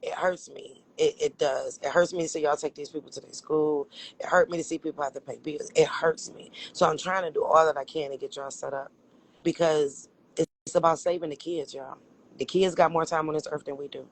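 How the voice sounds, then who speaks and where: A woman's voice: low-pitched, fairly even intonation, a little fast, a little hiss or hum, poor audio. A woman co-hosting a casual livestream, talking emphatically with lots of profanity and frequent laughter. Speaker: livestream co-host.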